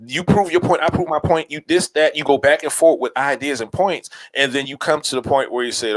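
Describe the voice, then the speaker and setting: A man from New Orleans with a New Orleans accent, co-hosting a casual podcast chat, animated and repeating himself as he makes his points. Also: fairly high pitch, brisk, hardly any pauses, rough recording. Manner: animated, repeats himself, plays out bits in voices. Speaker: podcast co-host.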